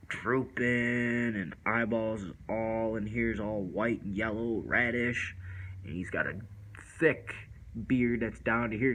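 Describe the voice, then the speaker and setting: Bright-voiced man telling a street story. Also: on the low side, rough recording. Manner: loose, rambling street slang with many fillers. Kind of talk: casual first-person storytelling.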